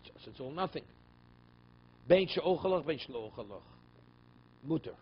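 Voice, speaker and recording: A rabbi giving a Talmud class, reading Aramaic passages and explaining them in English, often checking with "okay?" and "right?". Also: male voice, a little high, expressive, normal speed. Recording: slightly dull, faint room noise.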